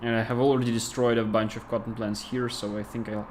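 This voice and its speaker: A man with a Russian accent, a game developer thinking aloud with many pauses and fillers as he plays on a casual livestream. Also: mid-range voice, level tone, a little hiss or hum. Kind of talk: casual livestream gameplay commentary.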